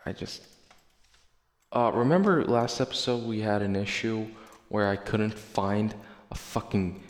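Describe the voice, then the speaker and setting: A man's voice: on the low side, a little slow. A male podcast host in casual chat, reading listener replies aloud in a profane, sarcastic, rambling way. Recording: echoey room with long reverb.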